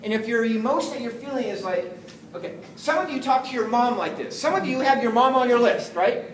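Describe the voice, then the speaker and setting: A man giving an energetic, jokey sales training talk to a live group, often acting out phone calls. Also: very high-pitched, brisk, recorded from a distance. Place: meeting room with an audience. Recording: echoey room, voice from afar, faint noise.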